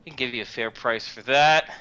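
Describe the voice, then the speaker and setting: A man's voice: medium pitch, a little fast, sharp tone, clear, resonant tone, voice pushed down, close to an everyday voice. A man voicing a balding older male shop owner who talks in a folksy, easygoing trader's way. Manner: folksy, casual trader talk. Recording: dull lo-fi game recording.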